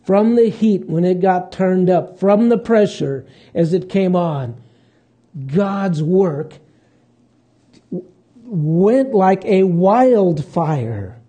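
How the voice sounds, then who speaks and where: Husky, dark-toned male preacher. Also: sits high, lively intonation. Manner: conversational preaching with pauses and restarts. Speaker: pastor. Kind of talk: sermon.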